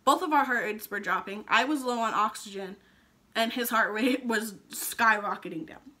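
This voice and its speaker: Bright-voiced young woman telling a birth story. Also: fairly high pitch, normal speed. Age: young adult. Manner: chatty, emotional retelling with frequent ums. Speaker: vlogger, new mother. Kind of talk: casual storytelling vlog.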